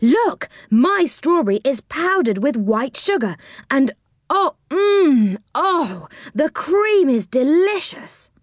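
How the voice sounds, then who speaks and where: An earnest, sensible boy who likes to set others right, played by a woman reading a storybook aloud. His voice sits above hers with a lively lift. The sound is close and dry. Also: sits high, slow pace, dry recording, voice pushed up, exaggerated voice. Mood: delighted. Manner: earnest, telling off.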